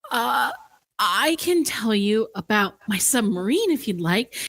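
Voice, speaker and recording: A woman's voice: a little high, big pitch swings, a little slow, fairly bright tone, dry recording, pitched above the performer's own voice, heavily acted. A woman voicing a nervous, stammering male gnome.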